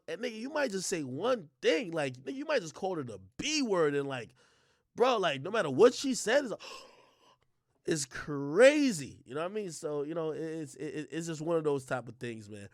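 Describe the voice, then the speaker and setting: Male streamer host: high voice, heated profane rant, lots of filler words, dry close sound. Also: very animated, normal speed, dry recording. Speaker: livestream host. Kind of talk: ranting livestream commentary.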